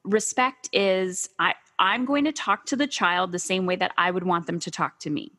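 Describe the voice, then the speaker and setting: A woman hosting a podcast interview, telling stories and acting out herself and her kids in a lively, casual way. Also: lowish voice, normal speed. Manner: animated storytelling, acts out her kids and herself. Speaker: podcast host.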